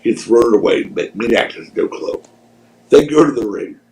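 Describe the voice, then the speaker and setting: Gravelly older guy from philly spinning old stories, laid back, swears a lot. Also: medium pitch, lively intonation, moderate pace, a little mellow, low-quality recording. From Philadelphia. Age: 60s. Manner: laid-back anecdotal, laughing at his own stories, swears freely. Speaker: guest. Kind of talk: casual storytelling in a podcast interview.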